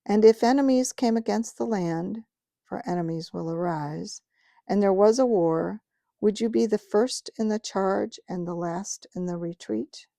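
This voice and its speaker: A woman reading aloud gives voice to a majestic male lion king, speaking in a grave, measured, commanding way. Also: medium pitch, gravelly, mellow, no echo, clean studio sound. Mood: solemn.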